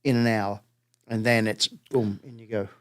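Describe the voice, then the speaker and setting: A man's voice: fairly low pitch, fairly even intonation, moderate pace. A man chatting casually on a podcast, slangy and prone to mild swearing.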